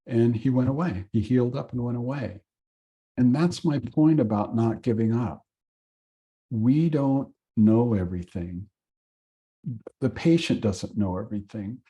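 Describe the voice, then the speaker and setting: A man from Oregon teaching an acupuncture course, telling a patient story in an earnest way and pausing often with fillers. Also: fairly low pitch, warm tone. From Oregon, USA. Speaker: acupuncture instructor. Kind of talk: storytelling lecture.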